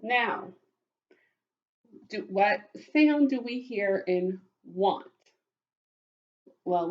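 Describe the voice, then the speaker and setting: A woman teaches young children phonics at an unhurried pace, stretching out sounds and praising them again and again. Her voice sits at a middle pitch. The webcam recording sounds a little dull and lo-fi. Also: steady tone. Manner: slow, encouraging, praising often.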